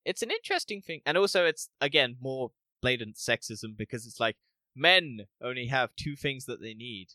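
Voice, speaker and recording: A man co-hosting a casual podcast review, animated, acting out scenes and laughing often. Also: medium pitch, normal speed, dry recording. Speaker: podcast co-host. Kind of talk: casual spoiler review chat.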